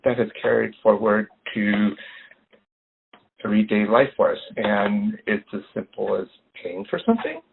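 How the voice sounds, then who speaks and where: A man, an engineer, giving a casual online STEM lesson in a relaxed, conversational way with frequent ums. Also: on the low side, vocal fry, slight background noise. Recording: tinny phone-like video call audio.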